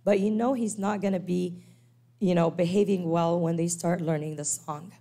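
A woman's voice: lowish voice, normal speed. A woman lecturing to church teachers on special needs kids, acting out parents and children as she explains. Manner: animated, acts out quoted parents and kids.

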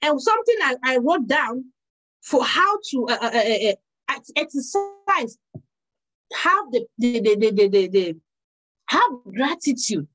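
A middle-aged woman preaching a sermon, telling a personal story with lively quoted dialogue. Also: sits high, unhurried, low-quality recording.

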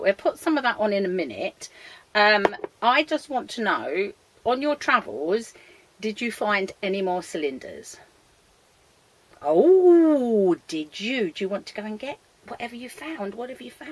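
A woman's voice: mid-range voice, expressive, normal speed, a bit bright, a little hiss or hum. A woman teaching a young children's maths lesson, talking in a sing-song, coaxing way to the children and to a puppet. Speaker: early years maths teacher.

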